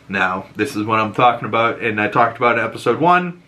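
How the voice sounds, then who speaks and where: A young man with a Boston accent casually recapping a TV episode, animated and laughing often, acting out quotes in higher voices. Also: fairly quick. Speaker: show reviewer.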